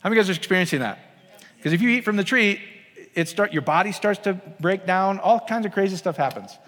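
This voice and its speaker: A man's voice: sits high, lively intonation, a little fast, fairly bright tone, in a large hall. A man preaching a sermon in a casual, conversational way, often checking in with his listeners by asking them questions. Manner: conversational, asks the congregation frequent questions.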